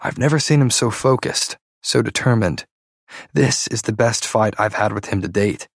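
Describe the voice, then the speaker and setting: Brief: low-pitched male narrator, tense dramatic first-person read, dry booth sound. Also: moderate pace, creaky, no room sound. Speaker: audiobook narrator.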